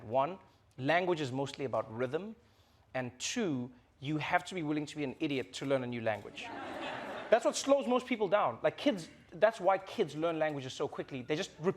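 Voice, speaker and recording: A man answering questions in a chatty, playful way, thinking aloud. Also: a little high. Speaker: comedian answering audience questions. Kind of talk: casual Q&A.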